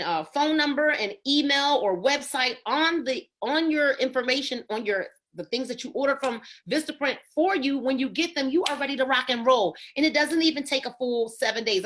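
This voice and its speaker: Woman, upbeat sales trainer on a video call, bright high voice, very animated, calls out names. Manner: emphatic, keeps asking "right?" and calling on listeners by name.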